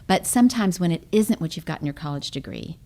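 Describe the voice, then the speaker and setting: A woman with a low voice speaks thoughtfully and earnestly. She sounds like a guest in a relaxed podcast conversation. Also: fast talker.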